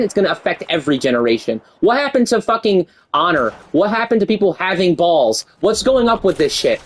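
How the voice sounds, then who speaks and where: A man from the United States giving a heated, profane political rant in a blunt, agitated way. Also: high voice.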